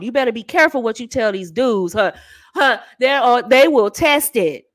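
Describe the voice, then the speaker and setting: A woman's voice: a little high, lively intonation, normal speed, dry recording. A woman hosting a channel as a dating coach, giving sassy, emphatic straight-talking advice and calling the listener baby and honey.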